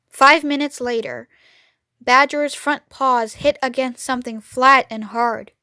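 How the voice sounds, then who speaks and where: A woman reading a children's book aloud, clear and expressive. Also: sits high, unhurried, no echo, clean studio sound. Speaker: storyteller. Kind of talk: children's read-aloud narration.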